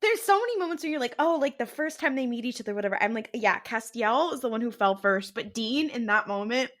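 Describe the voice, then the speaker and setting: Young woman co-host, higher bright voice, giggly, excitable fan reactions. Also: quick pace. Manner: giggly, excitable, quotes characters. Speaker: podcast co-host. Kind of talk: casual rewatch podcast chat.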